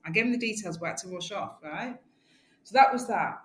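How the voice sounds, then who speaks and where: A woman guest telling lively stories in a casual interview. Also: medium pitch, fast talker. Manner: lively, animated storyteller. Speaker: guest, community organiser. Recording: echoey room, faint background noise.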